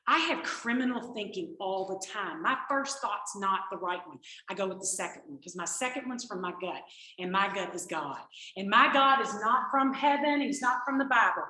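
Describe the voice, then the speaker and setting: A woman's voice: mid-range voice, normal speed. A woman gives a personal recovery testimony to a group, telling stories and acting out the conversations she quotes. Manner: animated storytelling, acts out quoted exchanges. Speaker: recovery speaker. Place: meeting room. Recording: echoey room.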